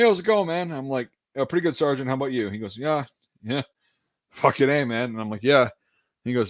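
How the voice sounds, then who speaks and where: A man's voice: medium pitch, dry recording. A man from Wisconsin telling a rambling story in casual chat, repeating words and acting out what people said. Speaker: podcast host. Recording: dull lo-fi dry sound.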